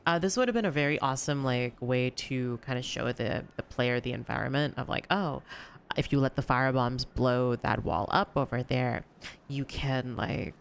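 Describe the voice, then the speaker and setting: A young woman chatting casually while streaming a game, rambling with lots of fillers and sometimes lifting her voice higher on purpose. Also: a little hiss or hum. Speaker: gaming streamer. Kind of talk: casual gameplay commentary.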